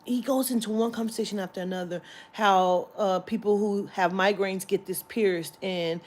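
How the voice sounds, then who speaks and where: A woman's voice: mid-range voice, fairly even intonation, normal speed, a little mellow. A woman vlogger telling a story in a heated, profane rant that breaks into laughter.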